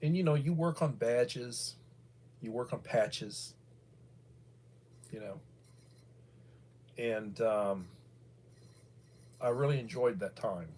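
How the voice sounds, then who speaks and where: With a darkish mid-range voice of bald quality, this middle-aged American man hosts a livestream. He talks slowly and pauses often, rambling casually through fillers and restarts.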